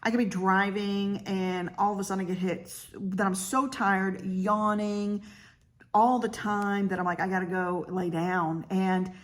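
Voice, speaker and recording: A woman's voice: mid-range voice, steady tone, a little slow. A woman in her fifties talking candidly in a casual personal vlog, chatty with frequent fillers. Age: 50s. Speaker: vlogger; realtor.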